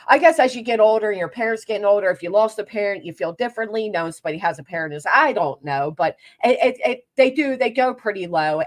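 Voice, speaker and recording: Sarcastic woman host reacting to clips. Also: on the low side. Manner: sarcastic, laughing asides, trailing restarts. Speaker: commentary channel host. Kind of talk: casual reaction commentary.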